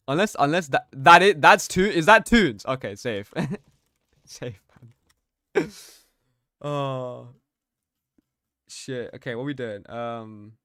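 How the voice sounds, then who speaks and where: A man's voice: mid-range voice, slow pace, long pauses, sharp tone, no echo, clean studio sound. A young man streaming a game, chatting casually, reading out his chat and laughing often. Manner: slangy, reads chat aloud, laughs often.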